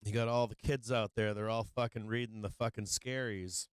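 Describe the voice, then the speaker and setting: On a live trading stream, a man with a lowish voice and moderate pace gives market commentary in a clean tone with no room sound. He's brash, profane, and excitable, veering between mumbles and loud outbursts while breaking down his trades.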